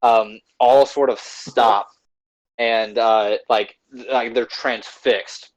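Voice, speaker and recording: A man's voice: mid-range voice, steady tone, takes it slowly, low-quality recording. A man acting as game master, narrating the scene loosely with many fillers.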